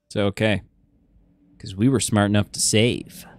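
A man's voice: lowish voice, fairly even intonation, unhurried, a little mellow. A young man giving casual, jokey commentary while playing a video game, talking to himself as he goes. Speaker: gaming YouTuber. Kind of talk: casual let's play commentary.

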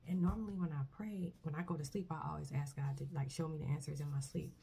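A woman talking casually to camera about her faith. She speaks earnestly and haltingly, starting sentences over often. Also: low voice, fairly even intonation, vocal fry, soft background music. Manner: earnest, halting, soft-spoken with many restarts. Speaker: vlogger. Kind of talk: personal faith testimony, casual talk.

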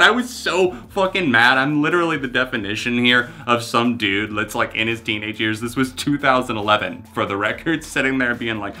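A man's voice: medium pitch, moderate pace, few pauses, bright, forceful tone. A man in his twenties giving sarcastic, self-mocking reaction commentary as a music YouTuber, swearing freely. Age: 20s.

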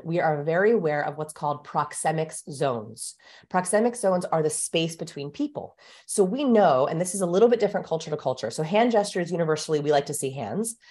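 Lower-voiced woman explaining as guest. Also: warm tone. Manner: brisk, explanatory, emphatic. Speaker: guest expert. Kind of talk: interview explanation.

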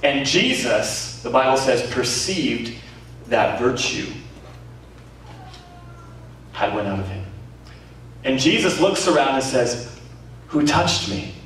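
A man preaching a sermon as pastor, telling stories with lively energy, acting out quoted voices and laughing often. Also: mid-range voice, slow pace, pauses often. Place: community centre hall. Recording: very echoey hall, voice from far off, faint noise.

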